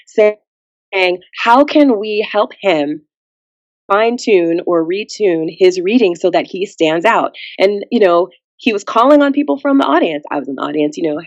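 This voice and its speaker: A woman's voice: fairly low pitch, no room sound, muffled recording. A woman guest on a podcast, chatting casually and acting out the people in her story. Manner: animated storyteller who acts out quotes.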